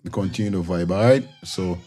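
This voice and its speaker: A man's voice: low voice, fairly quick, darkish tone. A man hosting a casual call-in talk show, easygoing and stumbling over repeated words. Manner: easygoing, stammers and repeats himself.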